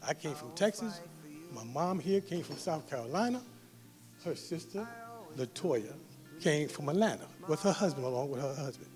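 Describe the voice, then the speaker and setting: A middle-aged man, the father of the bride, giving a loud, heartfelt wedding toast. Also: on the high side, animated, normal speed, music in the background. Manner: exuberant, heartfelt, talks loudly to a crowd. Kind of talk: wedding speech. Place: wedding reception hall with music playing.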